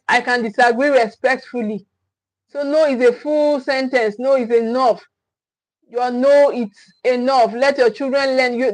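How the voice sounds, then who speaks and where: A woman with a high voice coaches parents in a livestream talk. She hammers each point home by repeating it, restarts her sentences often and keeps asking "okay?". The sound is dry, close and without room echo. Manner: emphatic and repetitive, restating key phrases; frequent restarts and checking "okay?".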